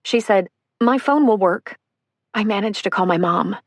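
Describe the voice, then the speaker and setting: A woman's voice: medium pitch, normal speed, no echo, studio quality. A woman narrating a survivor's first-person account for an audiobook, earnest and emotional.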